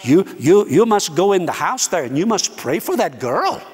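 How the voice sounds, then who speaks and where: A man's voice: high-pitched, big pitch swings, normal speed, slightly rough, exaggerated voice. A man voicing an insistent male church host, speaking in firm, clipped, repeated phrases in a hall with long reverb.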